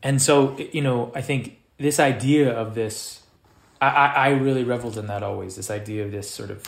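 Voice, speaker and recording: A man, an actor, talking casually in conversation, halting and searching for words with many restarts. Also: medium pitch, creaky. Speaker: actor guest.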